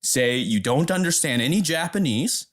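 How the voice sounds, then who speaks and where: A man's voice: a little high, normal speed. Man telling a story, acting out the people in it. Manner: animated storyteller who acts out other people's lines. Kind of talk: casual chat.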